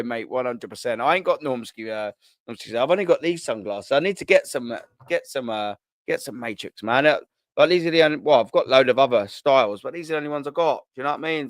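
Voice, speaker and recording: A man's voice: mid-range voice, no room sound. A man in his thirties with a London accent, hosting a live stream and chatting casually with his viewers, full of slang and easy laughter. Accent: London English. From England. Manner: laid-back banter full of slang, laughs easily. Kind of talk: casual live chat reading comments.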